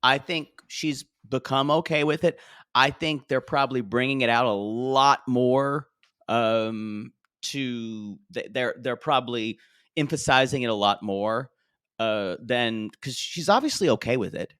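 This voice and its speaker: A man's voice: medium pitch, a little slow, a bit bright, smooth, no echo, studio quality. A man co-hosting a podcast, recapping a reality show in loose, jokey casual chat that trails off and restarts. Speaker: podcast co-host.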